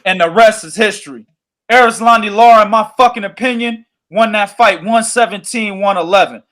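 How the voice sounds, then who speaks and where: A man hosting a boxing podcast, telling stories in an animated, profane way. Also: high-pitched, a little fast. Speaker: podcast host. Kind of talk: casual boxing podcast chat.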